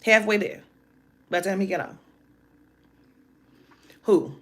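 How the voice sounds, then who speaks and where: A woman telling a personal story in a casual monologue, animated and emphatic, with heavy profanity. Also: medium pitch, slow.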